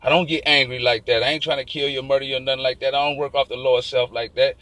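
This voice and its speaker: A man telling a long story in a casual, animated and profane street style. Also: mid-range voice, dry recording, rough recording. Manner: profane, animated, fast-talking.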